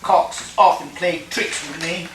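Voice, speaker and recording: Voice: mid-range voice, fairly even intonation, measured pace, lightly acted. A performer at a table read, playing a working man who pleads his innocence in court. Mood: pleading. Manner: earnest, pleading. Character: accused workman pleading innocence. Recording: echoey room, mic far off, faint noise.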